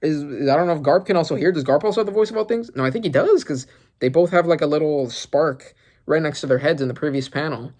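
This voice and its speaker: A man giving casual reaction commentary as a channel host, excitable and rambling as he thinks aloud. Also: fairly high pitch, fast.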